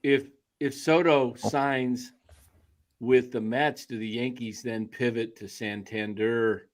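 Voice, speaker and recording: A man hosting a sports podcast, firing off quick questions and checking his notes on air. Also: medium pitch, fairly even intonation. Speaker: podcast host. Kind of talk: casual sports talk.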